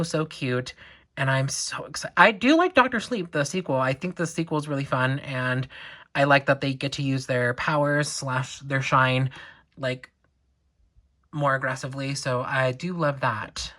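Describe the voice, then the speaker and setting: Young woman, low pitch, bright tone, chatty unboxing vlog, excitable. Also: unhurried. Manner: excitable and chatty, full of "like" asides. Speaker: doll collector unboxing on her channel. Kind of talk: casual unboxing chat.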